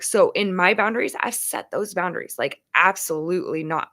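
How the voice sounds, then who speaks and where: A woman's voice: mid-range voice, gravelly, fairly bright tone. A woman hosting a casual talk show, speaking in an emphatic, chatty way and openly sharing her feelings about empathy and boundaries. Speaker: show host.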